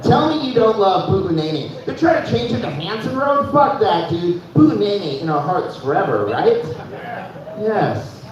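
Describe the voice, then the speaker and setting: A young man doing stand-up in a loose, chatty way, with a fairly high voice. He keeps tossing in "dude" and chuckles at his own lines. The sound is very echoey, dull and picked up from a distance, with faint noise behind it. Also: sing-song, measured pace, crowd noise. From Fargo, North Dakota. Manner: casual, says "dude" constantly, laughs at own jokes. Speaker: stand-up comedian. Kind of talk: stand-up comedy set. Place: live comedy show in a room. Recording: echoey room, mic heard from far, dull.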